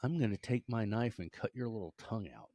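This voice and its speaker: A man's voice: lowish voice, a little fast, warm tone, dry recording, natural voice. A man voicing a blunt, short-tempered male veteran in a told joke. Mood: fed up. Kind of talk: joke telling.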